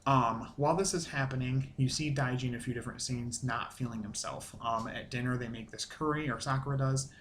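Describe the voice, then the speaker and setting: A man's voice: mid-range voice, fairly even intonation, brisk, hardly any pauses, fairly bright tone, slight background noise. A man hosting a casual episode review, rambling with lots of fillers and restarts and swearing casually. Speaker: show review host.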